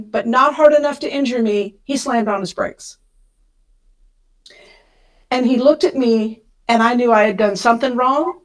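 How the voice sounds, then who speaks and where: Woman telling a personal story, slightly high. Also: a little slow, rough recording. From Kansas. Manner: emotional, speeds up when retelling panic. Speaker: podcast guest.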